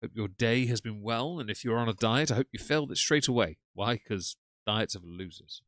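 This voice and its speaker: A man's voice: medium pitch, brisk, fairly bright tone, no room sound. A man giving sardonic, mocking live-stream commentary to his chat from a home desk microphone. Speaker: streamer reacting to clips. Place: home room.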